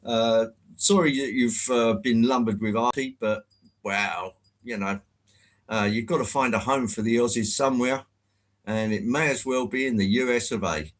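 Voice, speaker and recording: A man's voice: medium pitch, moderate pace. A man hosting a live stream in a genial, rambling way, greeting viewers one by one. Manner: genial, rambling, chatty with fillers.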